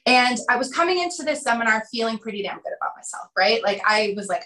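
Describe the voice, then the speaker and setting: A woman in her thirties, a podcast guest talking through ideas and acting out quotes in animated storytelling. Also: medium pitch, quick pace, hardly any pauses, echoey room, rough recording. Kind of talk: conversational interview.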